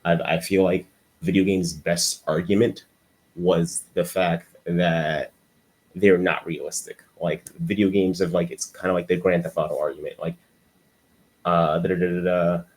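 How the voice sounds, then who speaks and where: A man with a low voice talks through an unscripted video essay. He rambles and stumbles over his words, restarting sentence after sentence. His voice has a husky edge. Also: fairly even intonation, a little slow, darkish tone. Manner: rambling, stuttering, many restarts. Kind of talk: unscripted commentary monologue.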